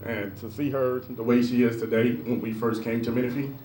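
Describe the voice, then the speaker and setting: A tearful man speaking as a proud father and coach, halting and heartfelt, at a school ceremony. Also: medium pitch, level tone, warm tone. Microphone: handheld microphone. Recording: echoey noisy room.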